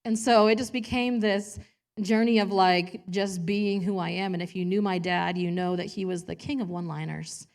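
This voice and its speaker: A woman preaching in a church in a chatty, self-deprecating way. She laughs often and slips into voices to act out quotes, all in a voice of middling pitch. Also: steady tone, moderate pace. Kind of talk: personal sermon.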